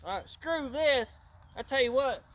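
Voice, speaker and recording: A man's voice: very high voice, expressive, unhurried, a little hiss or hum, voice pushed up, full character voice. A man voicing a stubborn, belligerent redneck who denies everything to a cop, talking defiantly and indignantly. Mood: angry. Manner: defiant and indignant, growing shouty.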